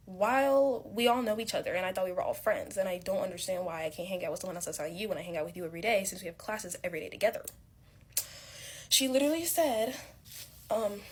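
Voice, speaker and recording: A young woman telling a casual story from her college days. She rambles a little and fills her talk with "like" and "um," and her retelling is lively. There is clear background noise behind her. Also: mid-range voice. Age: young adult. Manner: rambling, filler-heavy, animated retelling.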